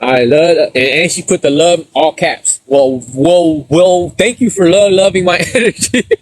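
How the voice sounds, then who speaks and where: A man's voice: on the high side, unhurried, no echo. Slangy middle-aged man chatting on a live stream. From San Diego, USA. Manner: storytelling with street slang, laughing often. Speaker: livestreamer reading chat. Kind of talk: casual live stream chat.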